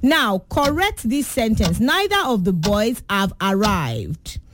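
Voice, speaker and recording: Woman, radio quiz host for kids, patient teacher manner, mid-pitched. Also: big pitch swings, background noise. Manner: patient, teacherly, repeats questions slowly. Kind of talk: children's quiz show.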